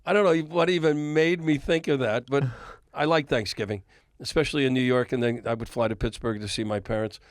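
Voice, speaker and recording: A man's voice: medium pitch, fairly quick, few pauses, no room sound, clean studio sound. An older man, a record executive, telling a long anecdote as a guest in a podcast interview and chuckling often. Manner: animated storyteller, chuckles often.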